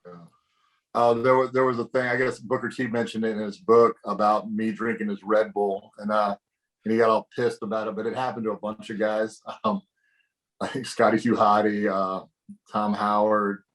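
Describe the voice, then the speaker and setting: A man's voice: lowish voice, level tone, normal speed, a bit bright. A man, a former pro wrestler, casually telling a locker-room story in a profane, laid-back way.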